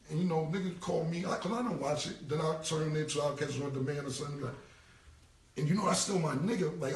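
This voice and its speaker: 40yo new york guy ranting on a phone live, gravelly voice, echoey room, sits back from the mic. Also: on the high side, darkish tone, recorded from a distance. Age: 40s. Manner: blunt, repetitive, streetwise slang with cursing. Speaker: rapper on a live stream. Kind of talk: casual live-stream rant. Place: indoor room, live stream.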